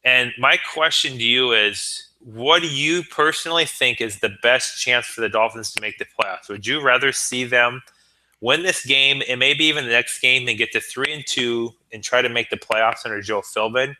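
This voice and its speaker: A man's voice: medium pitch, moderate pace, sharp tone, rough recording. A man co-hosting a sports talk show, earnest and stammering as he builds long arguments. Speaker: podcast co-host.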